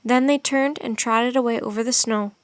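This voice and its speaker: A woman narrating a children's chapter book aloud, reading in an expressive, steady way. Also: on the high side, moderate pace, no room sound. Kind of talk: audiobook narration.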